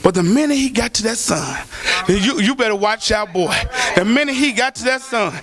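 A middle-aged man, preaching a sermon in a church in an impassioned, sing-song cadence that often rises to shouts. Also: sits high, lively intonation, moderate pace. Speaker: pastor.

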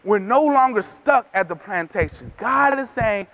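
Man preaching, real high voice, repeats lines in a rhythm, dull muffled recording. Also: expressive, unhurried, vocal fry, hardly any pauses. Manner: rhythmic, repeating phrases, rising to emphatic calls. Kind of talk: sermon.

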